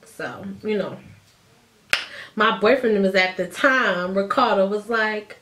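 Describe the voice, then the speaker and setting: A woman in her thirties, telling a personal story to the camera in a chatty, animated way and acting out what others said. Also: medium pitch, slow pace, a little hiss or hum. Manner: animated, chatty, acts out quotes. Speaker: vlogger. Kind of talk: casual storytime.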